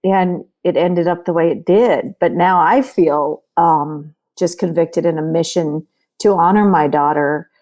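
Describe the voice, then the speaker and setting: Low-voiced middle-aged woman host. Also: unhurried. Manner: gentle, reflective, personal. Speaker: podcast host. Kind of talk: empathetic interview conversation.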